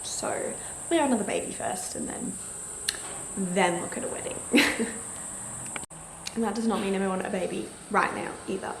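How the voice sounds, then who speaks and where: A woman's voice: mid-range voice, moderate pace, gravelly, long pauses, reverberant, noisy background. A young woman, chatting casually to camera and telling a story with many "likes" and acted-out quotes. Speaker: vlogger.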